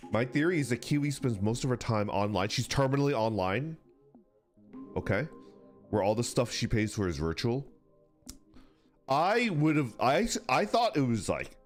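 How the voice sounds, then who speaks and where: A man streaming, chatting casually with viewers, rambling and swearing through animated rants. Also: medium pitch. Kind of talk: casual chat reacting to viewers.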